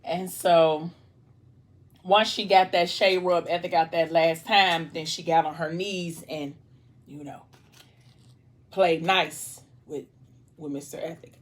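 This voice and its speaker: A young woman chats on camera at her table, retelling a story while she eats. She is animated and chatty and turns to her viewers with asides. Her voice sits a little low. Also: slow, pauses often. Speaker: vlogger. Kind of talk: casual storytelling while eating.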